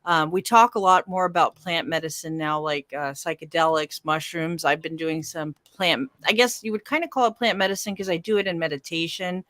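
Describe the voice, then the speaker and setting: A woman who hosts a podcast and radio show, chatting as a guest in a casual conversation over a video call, animated, with quick bursts and lots of fillers. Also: deep voice, no room sound.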